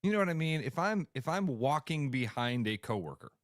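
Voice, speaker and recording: A man's voice: fairly high pitch, sing-song, brisk, dry recording, studio quality. A man co-hosting a radio show, chatting casually, telling stories with lots of laughter. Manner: laughs often, tells stories animatedly. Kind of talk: casual sports radio banter.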